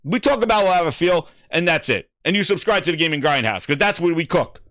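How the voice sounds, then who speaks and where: A man's voice: a little high, lively intonation, fairly quick, a bit bright, dry recording, clean studio sound. A man hosting a gaming livestream, reading viewer comments in casual, profane, hype-driven banter. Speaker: gaming channel host.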